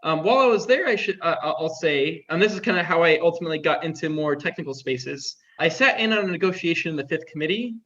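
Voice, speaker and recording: A young man being interviewed tells stories in a chatty way, packed with "like" and other fillers. His voice is on the high side, expressive and a bit bright, quick with hardly any pauses, and the recording sounds dull and lo-fi.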